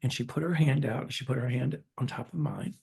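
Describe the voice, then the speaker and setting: A man's voice: mid-range voice, fairly even intonation, brisk, vocal fry, a little mellow, husky. A man hosting his own channel, earnestly and candidly retelling a personal story with open emotion. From Chicago area, US. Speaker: channel host, psychic.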